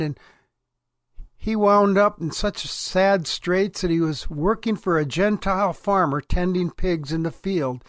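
A man's voice: sits high, a bit bright, no echo, clean studio sound. A man, a pastor, giving a plain-spoken, confessional devotional talk.

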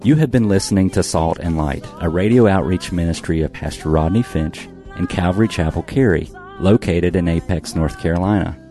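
Male radio announcer, very deep and warm, measured read over faint guitar. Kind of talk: scripted radio outro. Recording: faint guitar music underneath. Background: soft guitar music.

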